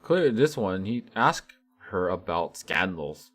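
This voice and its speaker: Male vlogger, deep-pitched, animated rambling commentary. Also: unhurried. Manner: animated, rambling, many restarts and fillers. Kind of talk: casual ranting commentary.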